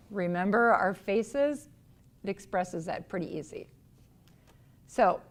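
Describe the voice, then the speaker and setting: In a fairly low, slightly mellow voice, a woman gives a recorded workplace training lecture on customer service. She is earnest and instructive, now and then acting out quick quoted voices.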